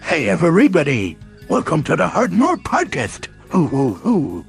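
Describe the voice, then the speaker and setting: Man putting on a bouncy cartoon robot announcer, gravelly, raspy, high, hooting, lively. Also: moderate pace, soft background music, exaggerated voice. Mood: gleeful. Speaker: show announcer.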